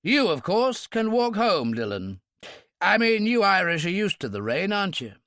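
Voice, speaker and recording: A man's voice: sits high, big pitch swings, moderate pace, a bit bright, no echo, voice pushed up, full character voice. A man voicing a weary, commanding older British brigadier in an audiobook, exasperated and dry.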